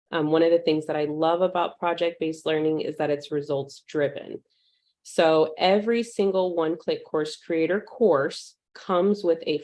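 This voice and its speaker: A woman with a slightly low voice leads a live virtual class in a relaxed, upbeat way. She talks casually and is peppered with ums. She breaks off to welcome attendees by name. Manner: uses fillers like um. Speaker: online course instructor.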